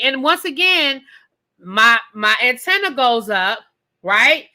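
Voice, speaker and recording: A woman reviewing a reality TV episode in a blunt, profane, animated rant. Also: high-pitched, slow pace.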